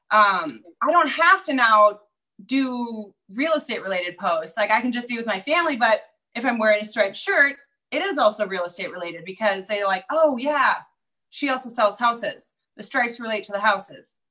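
A woman real estate agent chatting as an interview guest, telling stories in a lively way over a video call. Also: on the high side, moderate pace, poor audio. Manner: chatty, storytelling. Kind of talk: casual interview chat.

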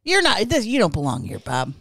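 Smug deadpan male exec, played by a woman in a comedy bit, mock-stern, dry close voice. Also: medium pitch, brisk, no echo, exaggerated voice. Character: smug male boss posing as a customer. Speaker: podcast co-host. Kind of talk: improvised comedy sketch.

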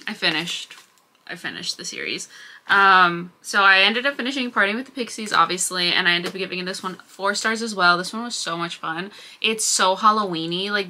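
A young woman book vlogger chatting casually and excitedly, swearing often and filling her sentences with "like". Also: medium pitch. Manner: gushing, swears a lot, fillers like "like". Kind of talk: casual reading vlog chat.

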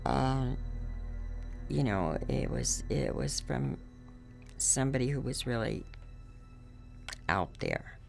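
Slow, gravelly man recalling a call. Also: mid-range voice, very animated, faint music behind. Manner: hesitant, halting, soft. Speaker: witness who took the call. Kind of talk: recalled interview testimony.

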